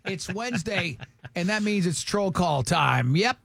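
A man's voice: high-pitched, expressive, a little slow, creaky, fairly bright tone, a little hiss or hum. A man hosting a radio show, bantering with co-hosts and reading listener comments aloud.

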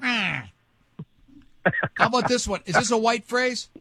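A man hosts a radio talk show in a high, light voice, joking and laughing along with his co-hosts. He is recorded close on a studio microphone with no room sound at all. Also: animated, sharp tone, no room sound. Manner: joking, quick asides, laughing often. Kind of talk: casual radio banter.

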